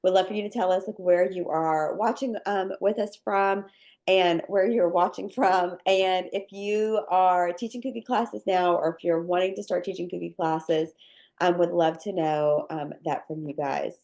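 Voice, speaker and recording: A woman's voice: fairly low pitch, steady tone, moderate pace, a little mellow. A woman with a head cold, her voice nasal and congested, hosting a live video-call class on cookie decorating and greeting people with upbeat welcomes and lots of fillers. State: congested with sinus drainage. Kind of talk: casual live webinar welcome.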